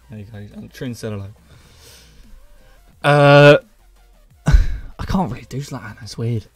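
A man's voice: mid-range voice, no echo. A young man with a Doncaster Yorkshire accent chatting jokily on a live stream while building in a game, often laughing and muttering counts under his breath. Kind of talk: casual live-stream chat while gaming.

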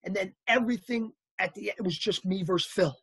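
Male interview guest, husky and lively, telling anecdotes in a dry, close recording. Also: high-pitched, fast talker, dry recording. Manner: animated anecdotal storyteller, acts out quotes. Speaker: actor guest. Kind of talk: casual storytelling interview.

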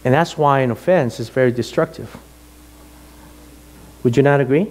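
A middle-aged man, a pastor, telling a personal story in a sermon with animated, emotional delivery. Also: medium pitch, moderate pace.

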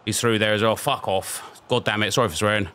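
A young man talks through his own football match as he plays, in loose, casual commentary. His voice has a bright, forceful edge, and he swings between excited cheers and frustrated muttering at his own mistakes. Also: on the low side, fairly quick. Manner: excitable, frustrated outbursts, self-talk while playing. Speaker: video game streamer.

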